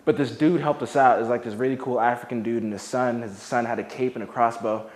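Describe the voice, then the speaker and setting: Brief: young man with a mid-range voice, relaxed and jokey, loose fillers, giving a home tour indoors. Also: mid-range voice, fast. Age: young adult. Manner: chatty, laid-back, jokey, with many "like" fillers. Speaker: formerly homeless youth. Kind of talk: casual home tour talk. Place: his own apartment, indoors.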